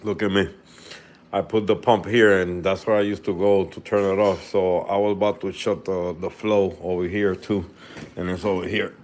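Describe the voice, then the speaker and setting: A man's voice: sits low, flat delivery, moderate pace, a little mellow, slight background noise. A young man in a casual home vlog, rambling with many restarts as he shows his aquarium, sometimes talking with his mouth full. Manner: rambling, restarts often, talks while eating. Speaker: reef tank hobbyist vlogger.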